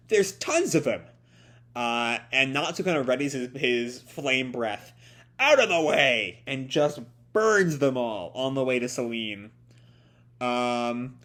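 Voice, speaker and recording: A man's voice: medium pitch, a bit bright. A young man hosting a live manga chapter reaction. He is tired and has a stuffy nose, and he rambles with many ums and corrects himself often.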